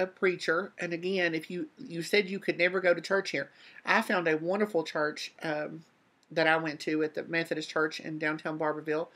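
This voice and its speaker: Vlog host giving heartfelt advice to a viewer, earnest and comforting, near tears, mid pitch. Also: a bit bright. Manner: earnest, comforting, repeats phrases. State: close to tears.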